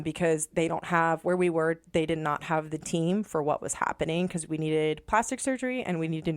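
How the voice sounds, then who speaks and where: A young adult woman, a podcast guest in a studio, tells her personal story with emotion. Her low voice is clear and resonant with no echo, and she animatedly acts out remembered dialogue.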